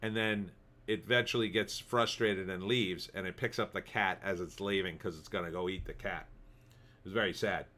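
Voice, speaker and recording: A man's voice: low voice, fairly even intonation, moderate pace, sharp tone. A man hosting a livestream, rambling casually as he reads viewer comments. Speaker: livestream host. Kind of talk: casual commentary reading chat.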